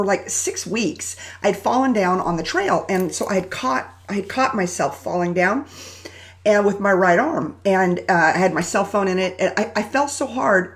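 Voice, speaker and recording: A woman hosting a live motivational talk, telling a personal story in a chatty, animated way and greeting viewers by name. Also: medium pitch. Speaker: host.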